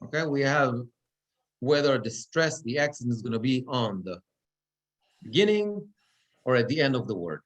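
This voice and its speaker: A man's voice: mid-range voice, animated, normal speed, long pauses. A cantor teaching Torah reading in a classroom, explaining step by step and checking in with his students often. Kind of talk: classroom lecture. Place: synagogue classroom.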